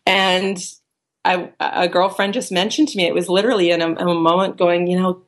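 A woman life coach telling her story in a casual interview, animated and chatty, acting out the voices of people she quotes. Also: fairly low pitch, fairly quick. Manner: animated storyteller who acts out quoted dialogue; chatty, with many fillers and restarts.

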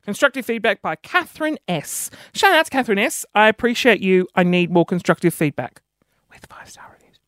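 A man hosting his own podcast in casual solo chat, rambling and self-mocking with quick asides and audible sniffing between phrases. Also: high voice, lively intonation, a bit bright, dry recording, clean studio sound. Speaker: podcast host.

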